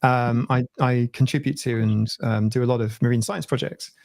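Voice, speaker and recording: British bloke hosting a stream, mid voice, laughs a lot, dry close mic. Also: male voice, mid-range voice, steady tone, gravelly, darkish tone, no echo. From Britain. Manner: laughs often, quick to agree. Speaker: host. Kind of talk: casual chat.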